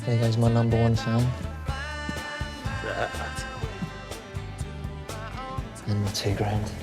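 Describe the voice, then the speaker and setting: An actor with a British accent playing a hapless young male comedian who talks in dry, deadpan sarcasm. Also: mid-range voice, fairly quick, loud music behind the voice, close to an everyday voice. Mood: rueful. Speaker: stand-up comedian.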